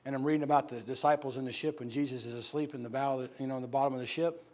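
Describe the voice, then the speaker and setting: A man preaching in a church, telling his personal story in an animated, laughing storytelling manner. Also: mid-range voice, racing. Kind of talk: sermon testimony.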